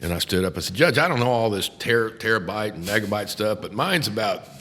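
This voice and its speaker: A low-voiced older man with a drawl spins courtroom war stories, swearing freely and breaking into laughter. His voice rings with a long reverb from the room. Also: expressive, brisk, a bit bright, slight background noise. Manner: profane, laughing, acts out quotes. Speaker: podcast host, defense attorney. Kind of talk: casual storytelling chat.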